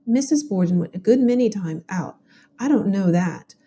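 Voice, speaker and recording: A woman with a Southern US accent reading an older woman neighbor's testimony at an 1890s inquest in a plain, steady way. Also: mid-range voice, moderate pace, close to an everyday voice. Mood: matter-of-fact.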